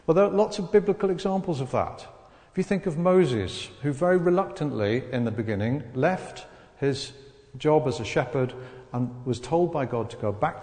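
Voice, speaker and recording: A man preaching a sermon, telling a Bible story with lively acted-out voices. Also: fairly high pitch. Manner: animated storytelling, acts out voices of the people in the story. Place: church hall. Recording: long reverb of a large hall.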